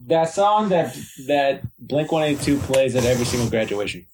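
A man's voice: medium pitch, expressive, normal speed, noisy background. A man hosting a podcast, rambling in a frustrated, casual way and swearing freely. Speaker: podcast host.

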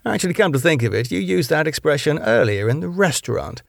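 A man's voice: a little high, sing-song, fast, creaky, dry recording, clean studio sound, voice pushed up, full character voice. A man voicing a blunt, irritable male detective who speaks sharply. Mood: exasperated.

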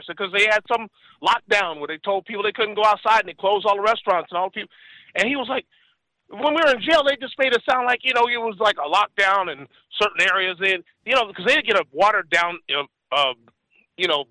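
A man's voice: sits high, fast talker, bright, forceful tone, no room sound, poor audio. A man in his forties telling a story in casual chat, rambling and acting out the voices of the people he quotes. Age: 40s.

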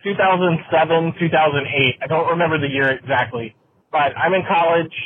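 A man's voice: a little high, fairly quick. Man telling a story over a phone line. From Mississippi, US. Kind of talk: storytelling anecdote. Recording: tinny phone line with faint noise.

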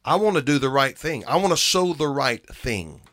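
A man's voice: mid-range voice, very animated, normal speed, a bit bright. A man preaching a sermon in an earnest way, often repeating phrases and restarting his words for emphasis.

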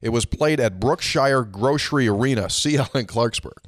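A man with a mid-range voice co-hosts a casual sports podcast at a moderate pace, with no room sound. He tells stories and reads listener emails aloud, dropping dry asides along the way.

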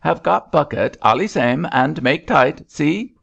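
A man voicing a grinning, cheeky ship's sailor who talks in clipped broken pidgin, pitched well above his own voice. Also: animated, a little slow, creaky, a bit bright, dull audio, exaggerated voice.

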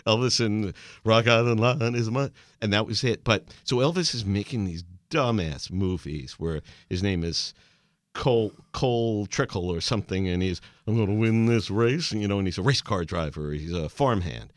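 A man's voice: fairly low pitch, moderate pace, no echo, clean studio sound. A man hosting a casual chat, telling stories with enthusiasm. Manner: enthusiastic storyteller, chatty. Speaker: host.

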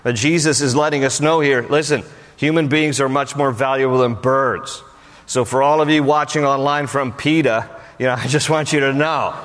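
A man preaching a sermon as pastor, animated and jokey, often pushing his voice up for emphasis. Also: mid-range voice, normal speed, in a large hall.

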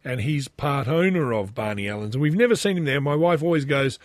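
A man's voice: mid-range voice, fairly quick, dry recording, studio quality. A middle-aged Australian man telling a rambling, self-deprecating family anecdote in a casual, chatty way. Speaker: storyteller.

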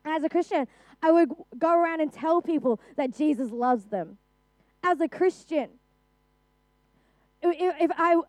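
Young Australian woman, youth preacher; high voice, earnest and chatty, dry close sound. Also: a little mellow, no room sound. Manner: earnest, conversational, with frequent restarts and "like". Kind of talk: sermon.

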